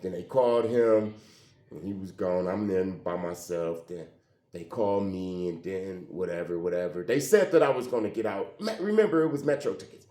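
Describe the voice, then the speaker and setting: A man telling a personal story in a casual, animated way, often acting out the dialogue. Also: sits low, moderate pace. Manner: animated, conversational, acts out quoted dialogue. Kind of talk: emotional storytelling monologue. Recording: roomy echo.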